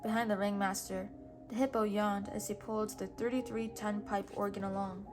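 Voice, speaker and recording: A woman reading a children's picture book aloud in a gentle, measured way. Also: medium pitch, little pitch movement, over music. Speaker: storybook reader.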